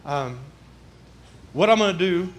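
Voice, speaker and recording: A man's voice: sits high, expressive, unhurried, a little hiss or hum. A man preaching a sermon, folksy and conversational, with a church's roomy echo. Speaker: pastor. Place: church sanctuary.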